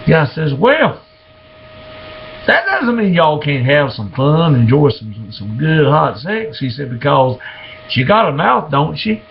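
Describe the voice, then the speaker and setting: A man's voice: on the high side, sing-song, gravelly, muffled recording. Drawling man telling dirty jokes. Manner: slow drawling storytelling, voices the characters. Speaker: joke teller.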